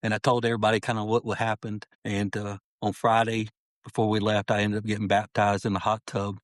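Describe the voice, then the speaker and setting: A man's voice: on the low side, monotone, fairly quick, no echo. Earnest middle-aged man, dry sound. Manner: earnest, heartfelt, peppers speech with "man". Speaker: podcast guest. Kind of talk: personal storytelling in an interview.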